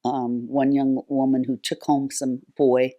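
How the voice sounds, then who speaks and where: Unhurried and level in tone, an older woman with a rumbling low, dark voice tells long stories as a talk show guest. She founded a nonprofit, and her chatty storytelling is full of fillers and restarts.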